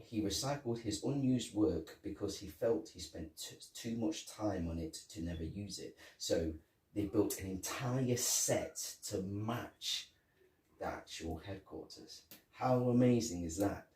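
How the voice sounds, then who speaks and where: Low-voiced man in an echoey room. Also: measured pace. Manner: animated, acts out lines from scenes. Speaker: podcast co-host. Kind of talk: casual film review chat. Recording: echoey room, mic at a distance, faint hiss.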